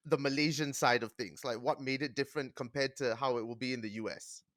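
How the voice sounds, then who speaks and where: A man interviewing a guest, asking brisk, friendly questions in a casual chat. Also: mid-range voice, fairly even intonation, fairly bright tone, no room sound, clean studio sound.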